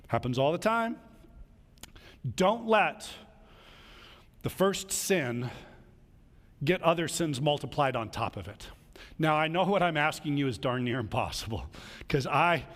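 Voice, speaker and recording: A man preaching a sermon in an animated way, acting out quarrels between people as he talks. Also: a little high. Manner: animated, acts out quarrels in little voices. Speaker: pastor. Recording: long hall reverb.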